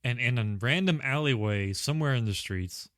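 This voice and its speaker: A man's voice: medium pitch, expressive, normal speed, fairly bright tone, no echo, clean studio sound. A man co-hosting a podcast, walking through a film's plot in casual chat, swearing casually and quoting characters. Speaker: podcast co-host. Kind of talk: casual movie recap chat.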